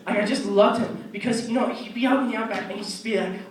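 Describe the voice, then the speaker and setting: A teenage boy doing animated stand-up comedy on a stage, slipping into silly voices. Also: high-pitched, quick pace, hardly any pauses. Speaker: stand-up performer. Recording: echoey hall from far off, noisy.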